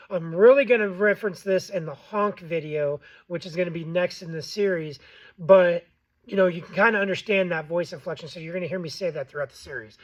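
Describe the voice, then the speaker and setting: A man's voice: sits high, muffled recording. A man hosting a casual how-to tutorial, plain-spoken with frequent ums and okays. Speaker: game call maker and tutorial host.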